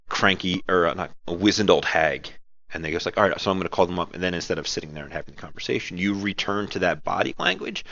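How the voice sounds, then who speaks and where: A man's voice: low voice, pushed and bright, dry recording, muffled recording. A man talking casually about running tabletop games, rambling and correcting himself as he explains, recorded at home. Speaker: game master giving advice. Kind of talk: casual spoken advice talk. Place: at home, girlfriend nearby watching TV. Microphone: audio-only recording, no camera.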